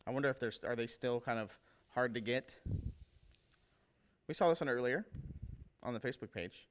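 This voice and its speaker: A man's voice: medium pitch, normal speed, clean tone. A man hosting a casual livestream, rambling with enthusiasm and tripping over names as he talks through fan work. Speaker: livestream host showing painted miniatures.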